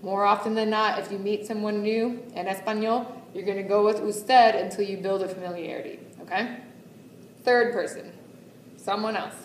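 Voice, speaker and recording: A woman's voice: medium pitch, fairly even intonation, normal speed, a little hiss or hum. A woman teaches a Spanish lesson at a whiteboard in a chatty manner, checking in with her class every few lines. She is heard from some distance in an echoey classroom. Faint room ambience sits under her voice. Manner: chatty, checks in often with okay and bien.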